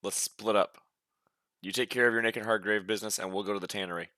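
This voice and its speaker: A man playing a tabletop game, excitable and prone to bursting into shouts. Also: fairly low pitch, fast, no echo.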